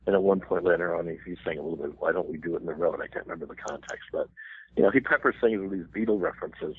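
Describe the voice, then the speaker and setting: An older man in his sixties with a very low, husky voice tells stories in a relaxed interview, breaking into laughs and quick bits of song. The sound is thin and phone-like, with a dry, close feel. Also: no echo. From United States. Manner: animated anecdotes with laughs and sung quotes. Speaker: banjo player, guest. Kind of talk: casual interview storytelling. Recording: thin phone-like radio line.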